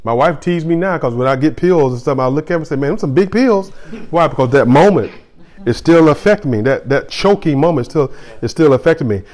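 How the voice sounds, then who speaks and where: A man's voice: fairly high pitch, animated, fairly quick, darkish tone. A middle-aged man, a pastor, giving a sermon in a conversational way, often repeating phrases and restarting.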